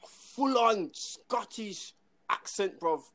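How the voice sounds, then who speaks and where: A man's voice: high voice, expressive, extremely slow, a bit bright. A man co-hosting a casual podcast, insistent, full of slang and swearing. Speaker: podcast co-host.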